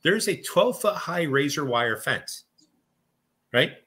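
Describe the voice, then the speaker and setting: A middle-aged man, a paranormal investigator guesting on a talk show, telling stories in a lively, blunt and casual way. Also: a little high, takes it slowly. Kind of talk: casual interview chat.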